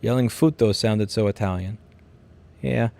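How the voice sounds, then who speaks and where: A livestream host in his thirties from Queens, New York City, with a New York accent, reads viewer comments aloud and answers bluntly, sometimes with profanity. He rambles and restarts sentences in a gravelly, darkish voice on the low side, at a measured pace. There's no echo.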